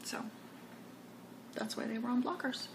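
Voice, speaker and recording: Chatty woman with a gravelly edge. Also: fairly high pitch, measured pace, noisy background. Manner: chatty, rambling, self-correcting. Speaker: knitting podcast host. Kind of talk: casual show-and-tell chat.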